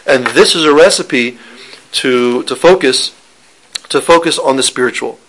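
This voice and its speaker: A man's voice: medium pitch, measured pace, a bit bright, slight background noise, rough recording. A man giving an informal Torah lesson, talking conversationally with restarts and joking with listeners. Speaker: teacher giving a Torah class.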